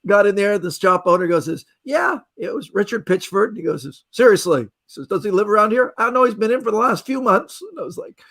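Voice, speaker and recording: A man from Canada with a fairly high voice tells stories on a podcast, chatting casually. He acts out the people in his tales as he talks. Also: fast, hardly any pauses. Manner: animated storyteller acting out quoted voices. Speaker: magician guest.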